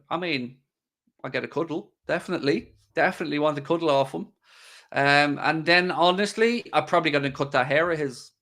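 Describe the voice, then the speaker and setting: A man's voice: a little high, expressive, fairly quick, pushed and bright. A man hosting a live stream, chatting casually and joking as he answers viewers' questions. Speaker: livestream host.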